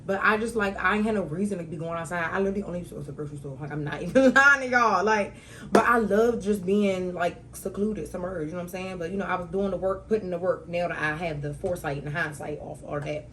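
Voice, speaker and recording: A young woman hosts her own talk show alone, rambling through casual stories full of slang. Her voice sits a little low and jumps into loud, excited outbursts when she acts out a punchline. A faint hum of room ambience sits behind her. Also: fast talker, poor audio.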